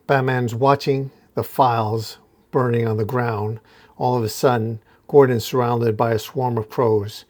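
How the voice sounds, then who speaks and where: A man's voice: mid-range voice, steady tone, measured pace, darkish tone. A man narrating a comic book story panel by panel in a casual recap style. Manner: recounts panel by panel, casual restarts.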